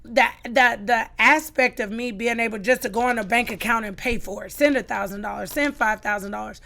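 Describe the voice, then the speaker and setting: A woman's voice: on the high side, brisk, gravelly, pushed and bright. A middle-aged woman, a podcast guest, giving an emphatic personal testimony and acting out the lines she quotes.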